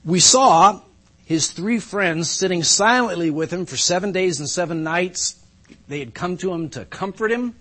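A man preaching a sermon as pastor, measured with touches of dry humor, opening in prayer in a church. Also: high-pitched, lively intonation, fairly bright tone. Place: church sanctuary.

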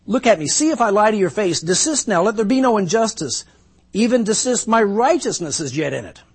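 Preacher doing an anguished sufferer: high, loud, husky. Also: male voice, very animated, moderate pace, heavily acted. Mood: pleading. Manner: impassioned, pleading then sarcastic. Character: anguished suffering man pleading with friends.

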